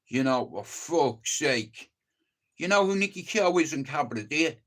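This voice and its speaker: A man's voice: a little high, expressive, normal speed. Profane Dublin man telling a story. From Ireland. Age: older. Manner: blunt, profane, agitated storytelling with stammered restarts. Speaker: livestreamer. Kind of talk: casual livestream monologue.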